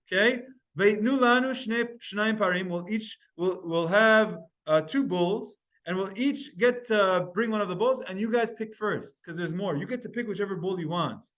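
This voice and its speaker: A man teaching a Talmud class, reading Hebrew verses aloud and retelling them in lively, storytelling English. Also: high voice. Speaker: Torah teacher.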